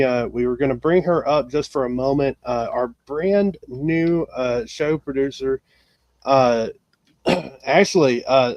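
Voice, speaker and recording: A man's voice: medium pitch, darkish tone, no room sound, lo-fi sound. A man hosting a casual live racing talk show, with many fillers and restarts. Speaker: podcast host.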